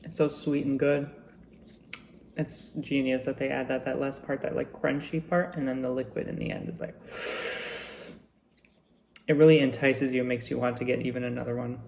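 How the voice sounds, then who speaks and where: Gravelly-voiced man chatting casually. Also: medium pitch, fairly quick, a little hiss or hum. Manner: relaxed, reflective, chatty with frequent fillers. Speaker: vlogger. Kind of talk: casual vlog chat while eating.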